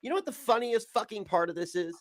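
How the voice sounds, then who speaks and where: A man's voice: sits high, expressive, fast talker. A man ranting in a crude, boastful way, often breaking into giggles. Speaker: streamer being reacted to.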